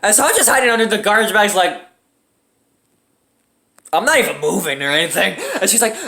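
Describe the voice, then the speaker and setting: Animated, bright-voiced young man. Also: sits high, brisk, creaky, pauses often. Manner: animated, profane, wry. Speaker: storyteller. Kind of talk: casual storytelling.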